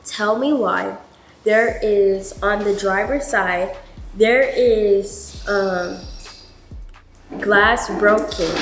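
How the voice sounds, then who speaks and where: A woman vlogger telling a story in a chatty, animated way, full of filler words. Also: mid-range voice. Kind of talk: storytime vlog. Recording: roomy with background noise.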